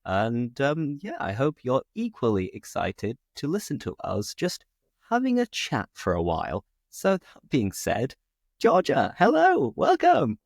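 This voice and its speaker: Lively-voiced British man hosting a chat. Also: mid-range voice, unhurried, vocal fry, no room sound, studio quality. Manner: upbeat, chatty, explains expressions. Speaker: host. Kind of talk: casual chat.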